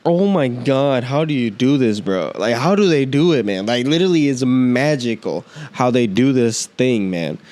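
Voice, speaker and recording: A man's voice: medium pitch, animated, moderate pace, few pauses, darkish tone. A man hosting a podcast, ranting in a casual, heated monologue full of profanity and slang. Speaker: podcast host.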